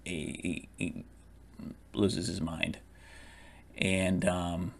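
A man's voice: low voice, flat delivery, drawn-out words, vocal fry. A man casually reviewing a movie, rambling with lots of fillers, restarts and frequent laughs.

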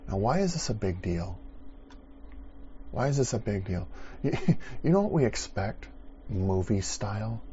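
Slow, low-voiced man preaching. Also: big pitch swings, dull audio, slight background noise. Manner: conversational, playful, builds to loud dramatic bursts. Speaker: pastor. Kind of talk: sermon.

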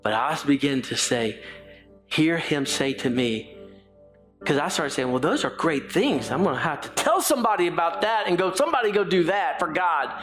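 A man's voice: on the high side, lively intonation, normal speed. Middle-aged male pastor, fervent repetitive sermon delivery, light music bed. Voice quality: repetitive, building emphasis. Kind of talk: sermon and prayer.

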